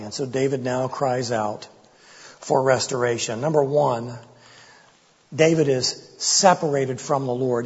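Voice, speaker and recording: In a lo-fi recording with long hall reverb, a male preacher works through an expository sermon, impassioned and voicing the psalmist's pleas with mounting intensity. His pitch is medium, his tone darkish and slightly rough.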